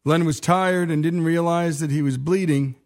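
A male host giving measured, somber scripted documentary narration. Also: a little high, steady tone, darkish tone.

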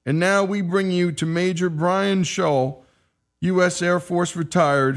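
A man reading a formal scripted introduction to a speaker. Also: on the high side. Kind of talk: scripted narration.

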